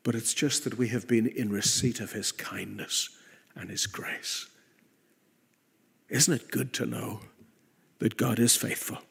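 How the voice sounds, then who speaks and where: A man preaching a sermon in an earnest way, rising to emphatic peaks and then dropping soft. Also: fairly low pitch, steady tone, a little slow, vocal fry, long pauses, slightly rough.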